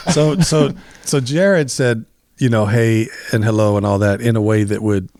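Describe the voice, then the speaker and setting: Animated, laughing male comedy podcast host. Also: medium pitch, unhurried, noisy background. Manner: jokey, laughs often, animated. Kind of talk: casual comedic podcast banter.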